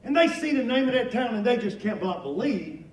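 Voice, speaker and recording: A man in his fifties from North Carolina, speaking with a Southern US accent, does folksy stand-up at a luncheon as a joking storyteller. His voice is very high and very animated and moves a little fast. A distant hall mic picks him up, making the sound echoey and noisy.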